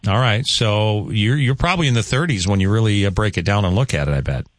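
A man's voice: fairly low pitch, lively intonation, fast, no echo. A man hosting a morning radio show, reading the forecast and teasing a caller in an easygoing way. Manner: easygoing, teasing, some filler uhs. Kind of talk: radio host chat and forecast. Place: radio studio. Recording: dry close studio mic.

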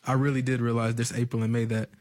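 Fast, flat-voiced young man. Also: mid-range voice, dry recording, clean studio sound. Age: late teens. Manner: earnest, advice-giving. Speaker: graduating student guest. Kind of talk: radio interview answers.

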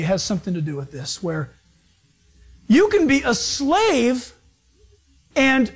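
A man preaching a sermon as pastor, moving between loud, acted-out lines and hushed, serious passages. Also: very high-pitched.

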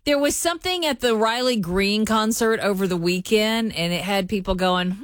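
A woman co-hosting a morning radio show, chatting in a bubbly, expressive way. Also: mid-range voice, moderate pace, dry recording, studio quality. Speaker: radio co-host.

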